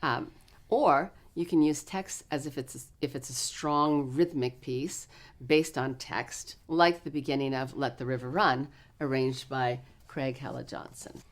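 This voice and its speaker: A woman choral clinician, giving a recorded workshop lesson in a clear, measured teacherly way. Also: very deep voice. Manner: energetic rehearsal coaching with choir.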